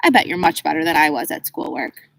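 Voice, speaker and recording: A woman reading a sly, overfamiliar South African game warden in an audiobook, his breezy patter turning into quiet threats. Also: low-pitched, sing-song, fairly quick, vocal fry, full character voice, low-quality recording. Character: smooth-talking sly male game warden, menacing. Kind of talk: audiobook character voice.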